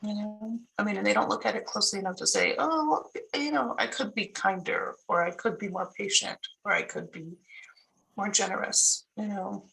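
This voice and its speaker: A woman's voice: medium pitch, fairly even intonation, fairly quick, gravelly, bright, forceful tone, rough recording. A woman co-hosting a casual Bible study chat, reflective, often finishing her co-host's thoughts.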